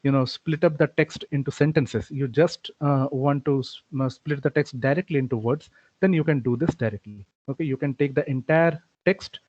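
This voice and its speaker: A man's voice: on the high side, darkish tone, no echo. A man giving a recorded programming lecture, explaining step by step with frequent "okay" and "uh" fillers. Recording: dull, lo-fi dry recording.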